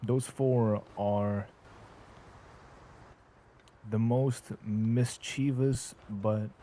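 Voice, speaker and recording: A man talking in character during a role-play game, casual and profane, with halting restarts. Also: lowish voice, fairly even intonation, warm tone, slight background noise.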